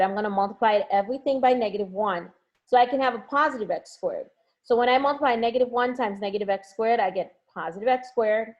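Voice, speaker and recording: A woman's voice: mid-range voice, dull audio. A woman teaching an online class from home, coaxing her students to answer with lots of encouragement. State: has a headache.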